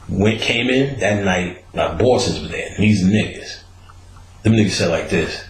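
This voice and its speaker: A man's voice: deep voice, expressive, a little slow, fairly bright tone, a little hiss or hum. A man telling a street story in a casual, profane, streetwise way, often laughing at his own tale. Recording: roomy echo.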